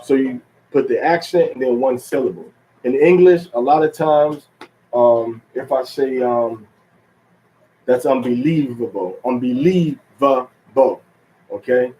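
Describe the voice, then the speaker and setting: A man gives a religious lesson at a slow, measured pace. His voice is dark and mellow, and he halts often with fillers and restarts. He stretches out the words he wants to stress. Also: medium pitch, rough recording. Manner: drawn-out stress on key words. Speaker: religious teacher. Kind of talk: teaching talk.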